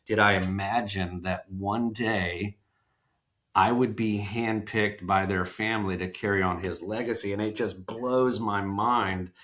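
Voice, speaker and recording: A middle-aged man from Georgia, USA, speaks in a lowish, unhurried voice as a podcast guest who works as a sales trainer. In a casual storytelling interview, he tells folksy stories with animation, acting out quotes and often restarting his phrases.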